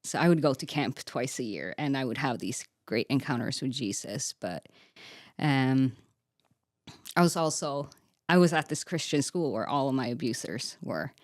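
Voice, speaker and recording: Young woman, low-pitched, dry close sound, candid faith testimony, filler-heavy talk. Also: animated, normal speed, darkish tone, no room sound. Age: young adult. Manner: earnest and candid, with frequent "like" fillers. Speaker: podcast guest.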